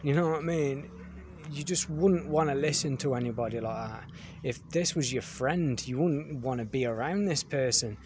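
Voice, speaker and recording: A man's voice: mid-range voice, moderate pace, a little mellow, slight background noise. Blunt man ranting a review. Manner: blunt, dismissive, repeats "you know what I mean".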